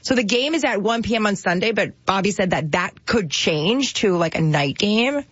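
A woman's voice: medium pitch, lively intonation, moderate pace, husky, no echo, highs cut off. A woman from New Jersey, co-hosting a radio show, telling a story in chatty casual banter with many fillers.

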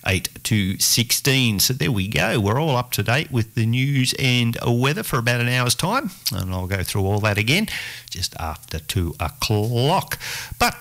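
A man's voice: medium pitch, big pitch swings, unhurried, fairly bright tone. A man with an Australian accent hosting a community radio show, chatting loosely and answering his own questions. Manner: chatty, rambling, talks to himself. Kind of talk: casual radio chat.

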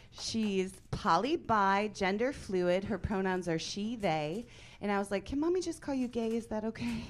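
A forties-aged woman performs stand-up comedy with a mid-range voice. Her storytelling stays deadpan, then erupts into loud bursts.

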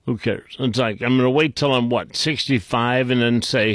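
A man hosting a call-in radio talk show, reading items aloud and mocking them in a blunt, gruff, rambling way. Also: mid-range voice, steady tone, moderate pace, a bit bright, dry recording, studio quality.

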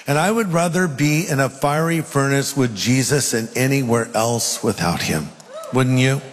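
A man preaching a sermon, speaking emphatically and reading scripture aloud with dramatic pauses. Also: medium pitch, in a large hall.

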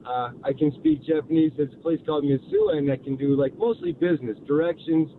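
A man's voice: on the high side, steady tone. Rambling older man on a noisy phone line. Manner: rambling, halting. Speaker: caller.

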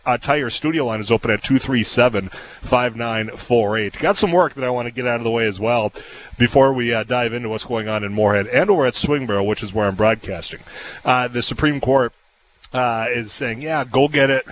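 A man's voice: medium pitch, fairly bright tone, slight background noise, low-quality recording. A man hosting a talk radio show, chatting casually and telling stories with frequent fillers and laughs, in a radio studio. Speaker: radio host.

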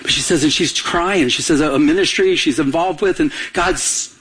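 A man's voice: fairly high pitch, normal speed, a bit bright, husky, low-quality recording. A man preaching a sermon as pastor, urging the congregation on, repeating words for emphasis and asking them to finish his lines. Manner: urgent preaching with call-and-response questions to the congregation.

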